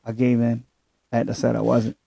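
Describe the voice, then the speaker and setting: A middle-aged man in casual chat with friends, telling stories in a relaxed way and laughing often. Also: medium pitch, brisk, vocal fry, slightly rough, no echo. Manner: laid-back storyteller, laughs often, trails off.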